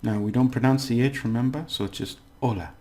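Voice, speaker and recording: A man giving a casual language lesson, explaining slowly and repeating words, with many fillers. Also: medium pitch, dark tone. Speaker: language teacher.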